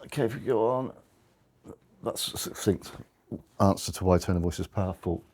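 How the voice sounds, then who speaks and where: A man's voice: low-pitched, normal speed, a little mellow. A man giving a conversational slide talk to an audience, often restarting and correcting himself. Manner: rambling, restarts, self-corrections.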